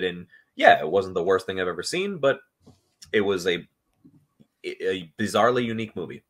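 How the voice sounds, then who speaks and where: A man's voice: low-pitched, lively intonation, normal speed. A man talking on a movie podcast in a loose, rambling way, with frequent ums and restarts. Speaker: podcast panelist. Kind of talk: casual chat.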